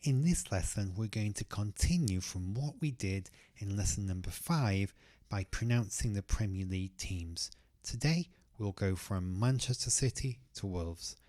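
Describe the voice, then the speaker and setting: Guy teaching english pronunciation, low voice, super slow and careful, dry close sound. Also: warm tone, no room sound. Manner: repeats words slowly and clearly for learners.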